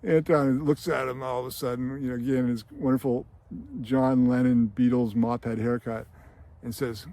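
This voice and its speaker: Enthusiastic male host, mid-pitched, casual storyteller who laughs easily. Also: flat delivery, moderate pace, mellow. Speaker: screenwriting show host. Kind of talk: casual film analysis.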